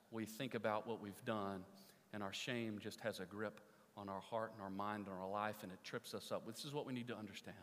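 A man's voice: fairly low pitch, fairly bright tone. A man preaching a sermon, telling a story with energy and asking the congregation questions. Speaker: pastor. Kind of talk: sermon with story and closing prayer. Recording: long reverb of a large hall.

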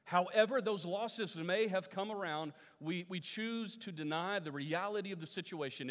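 A man's voice: high voice, moderate pace, few pauses, a bit bright. A male pastor preaching a sermon to his congregation, putting questions to the listeners and repeating his phrases. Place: church sanctuary. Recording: long reverb of a church hall.

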